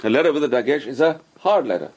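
A man's voice: medium pitch, expressive, quick pace, darkish tone. A man, a rabbi, teaching a class and explaining patiently with many examples and questions.

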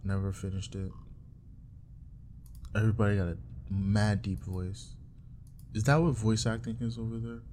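A man's voice: fairly low pitch, steady tone, normal speed, pauses often, mellow, a little hiss or hum. A young man chatting casually on his own while browsing, rambling with profane, joking asides. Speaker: streamer. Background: keyboard typing and clicks.

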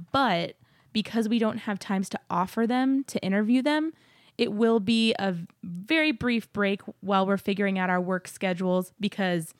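A woman's voice: medium pitch, dry recording, studio quality. A woman co-hosting a podcast in casual chat, talking in an upbeat way and laughing often as she talks. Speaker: podcast co-host. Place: new apartment studio.

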